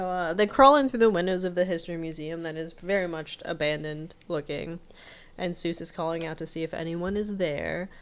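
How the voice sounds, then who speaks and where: A woman co-hosting a casual podcast, recapping an episode in chatty, giggly storytelling with quick quoted voices, recorded over a remote video call. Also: sits low. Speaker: podcast co-host.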